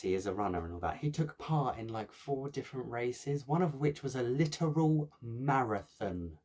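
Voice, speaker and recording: A man with a slightly low voice talks casually to his viewers as a cross-stitch vlogger. He rambles in a friendly way, cracks jokes that fall flat and then laughs at himself. His speech is full of ums, uhs and false starts. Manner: chatty, jokey, self-mocking, many fillers. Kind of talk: casual chat to camera.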